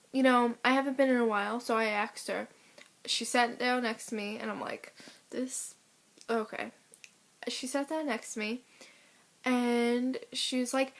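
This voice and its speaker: Teen girl, vlog rant, indignant and exasperated, slightly high voice. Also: a bit bright. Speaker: vlogger. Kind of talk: casual ranting to camera.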